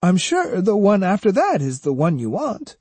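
Man voicing a teasing woman of the night, high sing-song, mocking, husky, dry audiobook sound. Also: huge pitch swings, normal speed, a little mellow, dry recording, full character voice. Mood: coaxing. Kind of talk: audiobook character voice.

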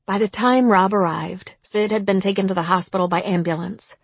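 A woman narrating an audiobook in a measured, somber way. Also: mid-range voice, fairly even intonation, creaky, husky, no echo.

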